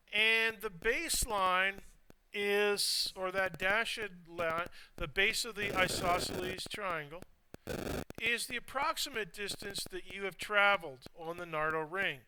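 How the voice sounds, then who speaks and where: A man's voice: sits high, background noise. A man lecturing a physics class, walking students through a drawing step by step and quizzing them. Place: lecture hall.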